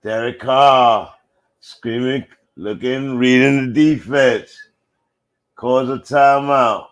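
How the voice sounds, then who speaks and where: Speaking slowly in a steady, medium-pitched voice, a man calls the action live and casually, addressing his viewers straight on with slang. Big plays set off loud exclamations from him.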